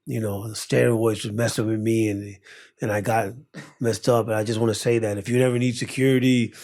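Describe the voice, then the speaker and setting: Gravelly-voiced man telling a wild story. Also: fairly low pitch, flat delivery, fairly quick, darkish tone. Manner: acts out voices in his stories, laughs often. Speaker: guest. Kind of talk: animated storytelling in conversation.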